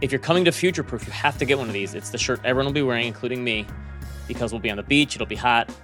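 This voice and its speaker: A man hosting a podcast in a casual, chatty way, fast and self-deprecating. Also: medium pitch, a bit bright, soft background music. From United States. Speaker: podcast host. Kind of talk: casual chat, reading an ad.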